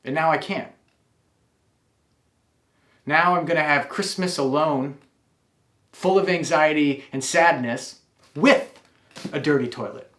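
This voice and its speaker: A man's voice: a little high, slow pace, pauses often, fairly bright tone, reverberant. A man telling a wry, confessional personal story.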